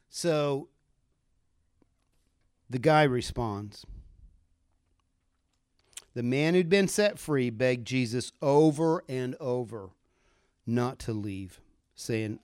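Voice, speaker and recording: A man preaching a sermon, retelling a scripture story with animated delivery and acting out the voices of the people in it. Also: mid-range voice, drawn-out words, pauses often, clean tone, no room sound, clean studio sound. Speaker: pastor.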